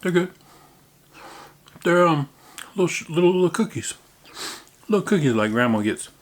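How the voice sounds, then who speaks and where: A man's voice: fairly high pitch, animated, normal speed. A man casually chatting through a snack taste-test vlog, playful and muttering while he chews. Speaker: vlogger. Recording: crinkling snack bags close by.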